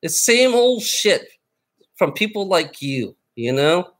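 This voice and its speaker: Angry livestreamer guy, slightly high voice, profane, stammering rant. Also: sing-song, takes it slowly, a bit bright. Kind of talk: casual live stream rant.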